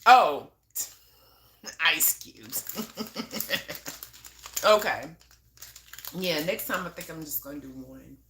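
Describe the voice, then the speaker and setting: A woman's voice: low voice, lively intonation, very slow, pauses often, sharp tone, reverberant, slight background noise. A young woman chatting casually on a live stream, laughing often and swearing freely as she talks to viewers. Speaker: livestreamer. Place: at home.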